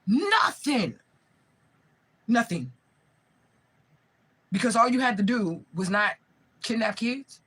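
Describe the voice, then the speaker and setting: A woman's voice: mid-range voice, a bit bright, low-quality recording. A woman around forty, a spiritual medium, talking straight to camera in a raw, profane, rambling way, often asking listeners if they follow her. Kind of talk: emotional direct-to-camera vlog.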